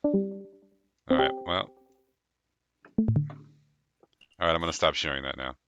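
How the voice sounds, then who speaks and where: A man hosting a live tabletop game stream as game master, talking casually with quick laughs and rambling restarts. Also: extremely low pitch, wildly swooping pitch, dull audio, loud music behind the voice.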